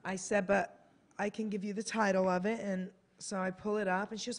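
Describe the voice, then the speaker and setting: A woman's voice: mid-range voice, brisk. An American woman, a guest author on a radio talk show, chatting casually and acting out quotes as she tells a story. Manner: animated, acts out quotes in a bright voice. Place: radio studio.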